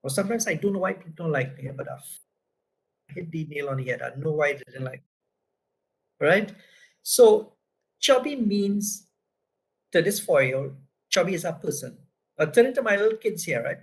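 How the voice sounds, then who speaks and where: A man's voice: a little high, lively intonation, normal speed, vocal fry, pauses often, rough recording. Trinidadian man telling a business story. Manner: conversational, frequent "right?" tags. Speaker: presenter. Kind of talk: anecdotal business talk.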